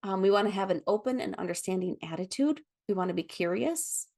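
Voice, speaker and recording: Woman, foster care trainer, lecture, gentle explaining, ums and restarts, mid pitch. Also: expressive, brisk, gravelly. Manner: gentle, explanatory, with frequent ums and self-corrections.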